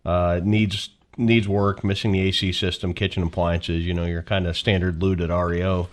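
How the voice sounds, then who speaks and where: Deep-voiced man giving folksy listings. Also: moderate pace. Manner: relaxed, folksy sales talk. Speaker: real estate agent on a radio show. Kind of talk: casual radio talk show.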